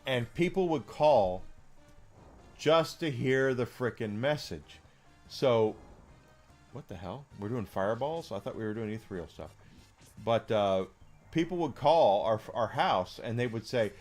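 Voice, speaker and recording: A man's voice: mid-range voice, expressive, measured pace, darkish tone, soft background music. A man in his forties chatting casually and outspokenly as a streamer, rambling with many fillers. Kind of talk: casual chat while gaming.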